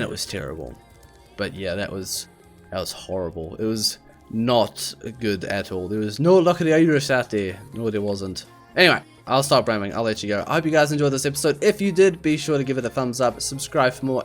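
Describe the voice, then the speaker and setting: A man's voice: mid-range voice, lively intonation, brisk. A man in his twenties rambling casually while commentating his gameplay. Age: 20s. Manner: rambling, chatty, self-deprecating. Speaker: let's play host. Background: game soundtrack music.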